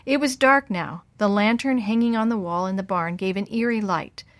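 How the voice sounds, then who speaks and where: A woman reading a children's story aloud in a measured, expressive way. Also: mid-range voice, no echo.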